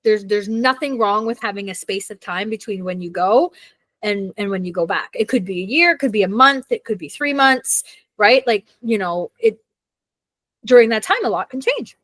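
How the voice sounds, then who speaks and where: A young adult woman co-hosting a podcast in casual chat, chatty and quick to laugh, trailing off with fillers. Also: medium pitch, expressive, a bit bright, no echo. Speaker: podcast co-host.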